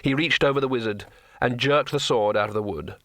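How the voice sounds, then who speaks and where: A man narrating an audiobook in a steady storytelling manner. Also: medium pitch, fairly quick, dry recording, clean studio sound. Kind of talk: scripted narration.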